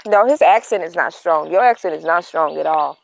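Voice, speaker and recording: A woman's voice: low-pitched, brisk, vocal fry, highs cut off. A woman in a casual group chat who rambles, corrects herself mid-sentence and sounds exasperated.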